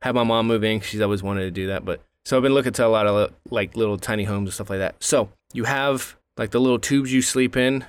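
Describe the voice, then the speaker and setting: A man's voice: lowish voice, fast, few pauses, clear, resonant tone. A man from the South, chatting casually as a podcast co-host, joking and swearing a lot. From American South. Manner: profane, joking, animated storytelling. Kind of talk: casual chat.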